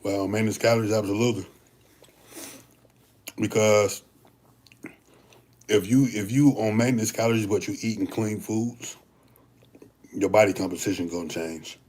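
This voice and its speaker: A man's voice: on the low side, steady tone, normal speed, pauses often, a little mellow. Laid-back man answering livestream chat. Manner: laid-back, chats with viewers, slangy, restarts often. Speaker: bodybuilder livestream host. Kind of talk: casual livestream Q&A.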